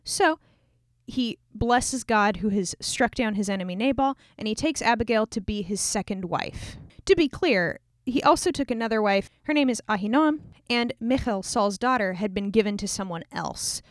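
A woman's voice: mid-range voice, normal speed, hardly any pauses, dry recording, studio quality. A woman retelling a scripture story in a casual, irreverent, slangy way.

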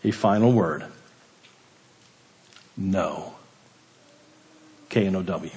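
A man preaching a sermon, building emphasis on key words and then dropping to a quiet hush. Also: sits low, very slow, long reverb tail. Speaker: pastor.

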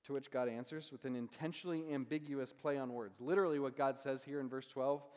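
Conversational preacher in a reverberant hall. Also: male voice, medium pitch, steady tone, fairly quick, darkish tone. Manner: conversational, asks "right?" often. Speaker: pastor. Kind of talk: sermon.

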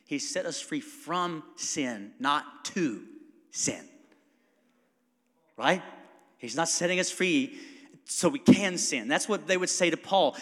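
Preaching pastor in a reverberant sanctuary. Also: male voice, fairly high pitch, lively intonation, slow pace, pauses often. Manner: swings between quiet intimate passages and loud emphatic preaching; calls for congregation responses. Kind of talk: sermon. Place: church sanctuary. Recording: long hall reverb.

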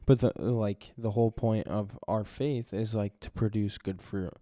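A man with a very dark, low voice joins a casual chat about faith. He asks questions and pushes back on the argument. His sound is close and dry. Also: fairly even intonation, a little slow, dry recording. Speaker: discussion participant.

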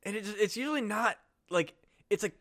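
A young man with a high voice co-hosts a comedy podcast. His tone is bright and forceful as he riffs, swears freely and laughs through loose, casual banter. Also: lively intonation, normal speed. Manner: profane, laughing, riffing. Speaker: podcast co-host.

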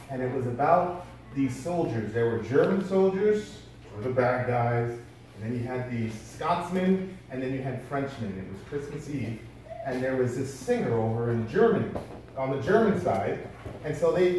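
A man with a high voice preaches in a casual storytelling way, pressing his listeners with rhetorical questions. His voice booms around a big echoing hall. The mic sits well away from him. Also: darkish tone, a little hiss or hum. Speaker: pastor. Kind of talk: sermon. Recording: very echoey hall from far off.

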